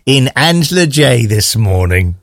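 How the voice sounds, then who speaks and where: A man's voice: mid-range voice, sing-song, measured pace, creaky, no echo. A man co-hosting breakfast radio, easygoing and teasing, in a studio. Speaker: radio co-host.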